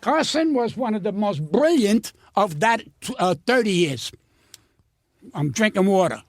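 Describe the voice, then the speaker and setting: Older male comic, blunt and profane storyteller, high animated voice, dry close sound. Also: measured pace, dry recording. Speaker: guest comedian. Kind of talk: storytelling interview.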